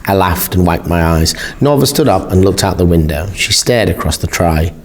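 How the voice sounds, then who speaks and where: A man reading a first-person novel aloud as an audiobook narrator, measured and expressive. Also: low voice.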